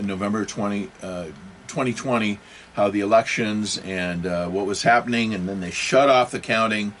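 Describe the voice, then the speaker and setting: A man's voice: lowish voice, fairly bright tone, slight background noise. A man hosting his own video, talking off the cuff in a rambling monologue, full of rhetorical questions, fillers and self-corrections. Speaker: video host. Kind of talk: unscripted political and religious monologue.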